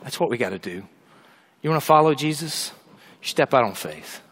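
A man preaching a sermon, telling a funny dog story with lively asides before turning earnest. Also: medium pitch, moderate pace, breathy edge. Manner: animated storytelling, humorous asides.

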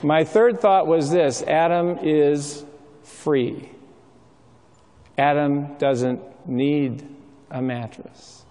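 A man's voice: on the high side, darkish tone. Man preaching in a reverberant hall. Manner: storytelling, conversational with frequent ums and uhs. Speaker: speaker. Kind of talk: sermon. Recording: long reverb of a large hall.

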